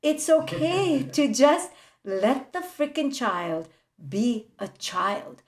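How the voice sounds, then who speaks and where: A woman psychologist talks as a podcast guest, with a fairly high voice. She tells lively stories and acts out parents' voices with frequent laughs. The room around her is echoey. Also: slow pace. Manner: animated storyteller acting out parents' voices, laughing often. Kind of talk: podcast interview conversation.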